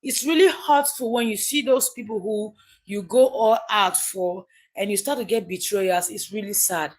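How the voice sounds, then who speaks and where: A Nigerian woman talks straight to her viewers on a live stream in a casual, chatty way. She presses her points hard and circles back to the same phrases, with a voice of middling pitch. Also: normal speed. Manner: chatty, emphatic, repeats key phrases. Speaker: livestream host. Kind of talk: casual livestream commentary.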